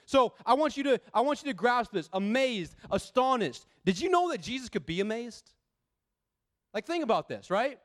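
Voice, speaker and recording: A man preaching a sermon, earnest and emphatic, talking conversationally with rhetorical questions and moving between loud and quiet passages. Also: extremely high pitch, big pitch swings, moderate pace.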